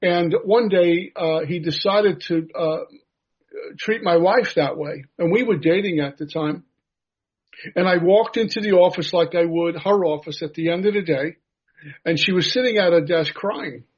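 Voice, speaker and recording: A man's voice: high voice, normal speed, slightly rough. A man from the United States giving an earnest personal recovery share, telling a story with self-deprecating humor. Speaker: recovery meeting speaker. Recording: dull lo-fi recording.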